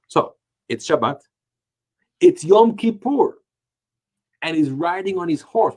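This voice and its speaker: A man, a rabbi, teaching a Torah class, telling stories with animated rhetorical questions. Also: fairly high pitch.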